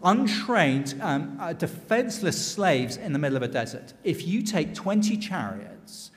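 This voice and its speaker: A man's voice: on the high side, sing-song, a little slow, long reverb tail. A man voicing a sneaky, beaky male chief spy with sly news. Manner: sly, hesitant.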